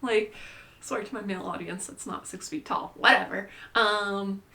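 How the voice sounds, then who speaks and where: A woman's voice: medium pitch, normal speed, bright, forceful tone. A young adult woman vlogging in a casual, rambling monologue, chatty and irreverent, filling her talk with "like.". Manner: chatty, says "like" constantly, playful and irreverent.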